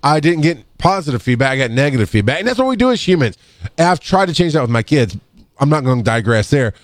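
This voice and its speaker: A middle-aged man, an EMT and podcast co-host, telling rambling work stories in casual chat and jumping up in pitch to act out other people's lines. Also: very animated, fast talker, no echo, studio quality. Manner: rambling, restarts, acts out quotes in a higher voice. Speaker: podcast co-host, EMS worker. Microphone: studio microphone.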